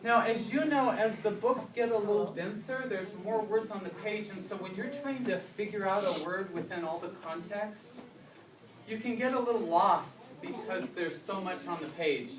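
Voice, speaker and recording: A woman's voice: medium pitch, normal speed, crowd noise. A woman reading teacher presenting to parents and patiently acting out child and parent prompts. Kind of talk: live presentation to an audience. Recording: echoey room, speaker far from mic, audible background noise.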